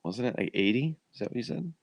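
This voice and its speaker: A middle-aged man co-hosting a podcast, laid-back and quick to laugh in casual chat. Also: mid-range voice, lively intonation, vocal fry, no room sound. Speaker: podcast co-host.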